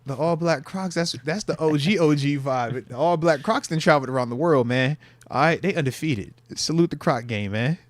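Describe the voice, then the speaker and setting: A man's voice: on the high side, moderate pace, no room sound. A man co-hosting a sports podcast, chatting casually in a playful, slang-heavy way. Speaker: podcast co-host.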